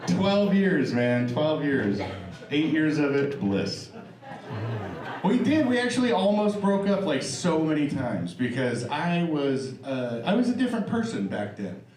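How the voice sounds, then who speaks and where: Middle-aged stand-up comic with a lively voice. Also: male voice, on the high side, measured pace, far from the mic. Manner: loose, profane, chatty crowd work. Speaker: stand-up comedian. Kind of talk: stand-up set. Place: comedy club stage. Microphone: stage microphone. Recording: roomy live stage recording. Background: audience laughter.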